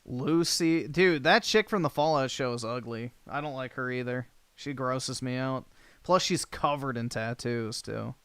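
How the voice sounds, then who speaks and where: Here a US livestream host talks at a measured pace in a medium-pitched, fairly bright, smooth voice. He chats casually and responds to comments bluntly, crudely and offhandedly, and the recording is dry.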